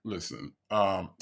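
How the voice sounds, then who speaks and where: A man's voice: low voice, vocal fry, slightly rough. A man hosting a casual reaction commentary, talking straight to his viewers and laughing often. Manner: animated, addresses viewers directly, laughs often. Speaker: commentary host.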